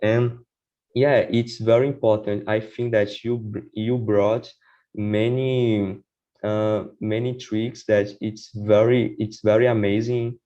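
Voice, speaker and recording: Man, podcast guest, slow and halting, keeps checking in with "right?", muffled lo-fi audio. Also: fairly low pitch, flat delivery, dark tone. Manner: hesitant, often says "for example" and "right?". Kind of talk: casual podcast conversation about learning English.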